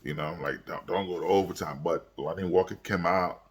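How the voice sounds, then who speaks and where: A man's voice: sits low, fairly quick, husky. A tired young man, yawning late at night, rambling through a casual sports recap with lots of fillers and repeated words. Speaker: sports vlogger. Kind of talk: casual sports commentary vlog.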